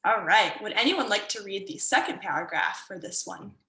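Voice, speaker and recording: Bright, upbeat woman teaching kids. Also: mid-range voice, expressive, moderate pace, reverberant, rough recording. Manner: upbeat, encouraging. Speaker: martial arts instructor. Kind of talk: teaching a kids' online workshop. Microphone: video call.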